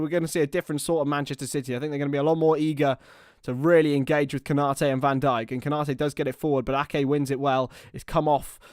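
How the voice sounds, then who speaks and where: A young man giving live partisan football commentary on a watchalong stream, excitable and prone to shouting. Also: on the high side, smooth, dry recording, clean studio sound.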